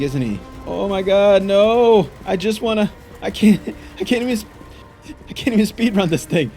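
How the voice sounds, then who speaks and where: A young man narrates his gameplay in a frantic, exclaiming way, his voice swinging widely and sitting a little high for a man. Soft game music plays behind him. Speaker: gaming YouTuber. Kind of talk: gameplay commentary.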